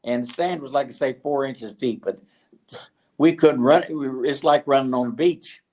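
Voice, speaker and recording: An older man from West Virginia, a retired football coach, telling stories as a guest in an interview, halting and full of fillers and restarts. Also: mid-range voice, darkish tone. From West Virginia, USA. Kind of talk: storytelling interview.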